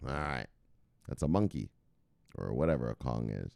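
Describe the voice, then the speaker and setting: A man's voice: a bass voice, lively intonation, moderate pace, creaky, darkish tone, smooth, dry recording, studio quality. A man hosting a crypto news livestream in a loose, rambling way, swearing freely and barking out catchphrase sign-offs. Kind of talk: casual livestream chat.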